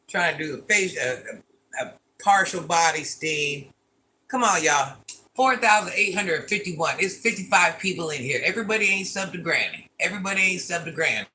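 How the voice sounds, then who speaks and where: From her living room, a woman near fifty chats on a phone livestream, voicing viewer comments and bantering back while playfully repeating herself; she dubs herself Granny. She speaks at a moderate pace in a fairly low, animated voice that comes across pushed and bright.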